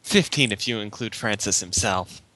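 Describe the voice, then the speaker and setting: A man's voice: on the low side, normal speed, pushed and bright, dry recording. A man playing a tabletop role-playing game, chatting casually and filling his talk with "like" and "kinda". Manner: rambling, leans on "like" and "kinda". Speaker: player.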